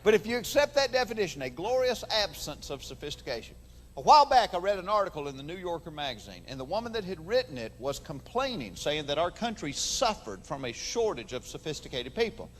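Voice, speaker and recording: Very animated and a little fast, this fairly high-voiced man from Georgia delivers folksy stand-up with a Southern accent, acting out voices as he tells stories. He's on a large theater stage before an audience, with big-room sound and a little hiss or hum.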